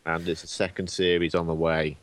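A man co-hosting a casual podcast, answering in a relaxed, dry way. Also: low-pitched, fairly quick. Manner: laid-back, dry replies. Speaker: podcast co-host. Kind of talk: casual chat.

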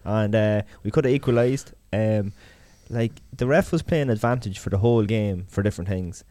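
A man's voice: lowish voice, moderate pace, warm tone, dry recording. An Irish man co-hosting a podcast, talking casually in a rambling, hesitant way. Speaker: podcast co-host. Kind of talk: casual chat.

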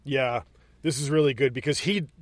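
Excitable man swearing through a film recap. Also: medium pitch, moderate pace, no room sound. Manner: excited, profane, acts out lines. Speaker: podcast co-host. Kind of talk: casual movie discussion.

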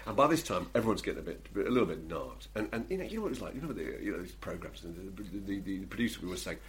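A man's voice: deep voice, sing-song, very fast, a little hiss or hum. A man who broadcasts for a living tells a comic anecdote on a chat show. He laughs often and acts out the lines of the people in his story.

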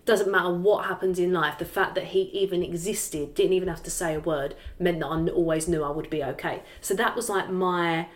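A woman, co-hosting a casual chat podcast, animated and quick to swear and laugh. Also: lowish voice. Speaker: podcast co-host.

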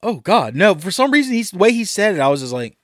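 A man's voice: sits high, sing-song, rapid-fire, no echo. Profane rambling man, dry close sound. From Delaware, US. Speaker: podcast co-host. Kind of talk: casual chat.

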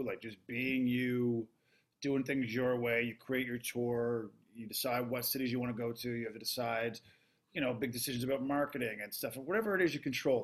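A man's voice: medium pitch, a bit bright. A man with a mid-range voice hosts a laid-back conversation. He talks with plain enthusiasm, backing up his guest. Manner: enthusiastic, affirming. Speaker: podcast host. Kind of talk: casual chat.

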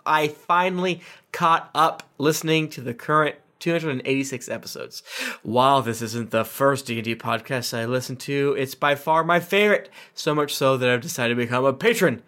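A man's voice: medium pitch, a bit bright. A man hosting a casual podcast, reading listener reviews aloud with playful voices and asides.

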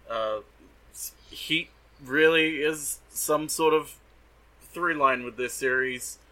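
Podcast co-host, man, bright tone, dry mocking recap style. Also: fairly high pitch, takes it slowly, pauses often, low-quality recording. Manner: sardonic, swears, mock-voices characters. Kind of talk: casual recap chat.

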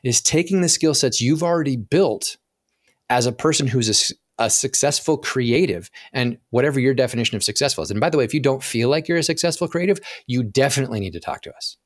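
Man, podcast guest, animated explainer, acts out inner voices, frequent restarts, mid-pitched, dry close sound. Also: quick pace, no room sound. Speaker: podcast guest, profit coach. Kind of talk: podcast interview conversation.

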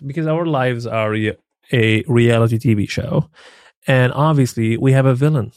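A man co-hosting a podcast in casual, animated chat, swearing freely in quick asides. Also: medium pitch, no echo, clean studio sound. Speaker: podcast co-host.

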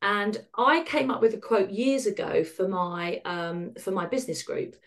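A middle-aged woman speaks as a guest on a podcast. Her delivery is candid and wry, animated as she tells her story, slipping into the voices of people she quotes. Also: medium pitch, moderate pace.

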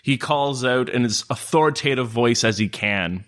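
Bright-voiced man playing a tabletop game. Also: medium pitch, normal speed, hardly any pauses. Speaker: player. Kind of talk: tabletop role-play.

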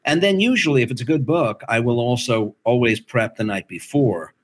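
A man who narrates audiobooks, chatting as an interview guest in an animated, playful way, with lively jumps in his voice. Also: mid-range voice, normal speed, slightly rough. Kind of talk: casual interview chat.

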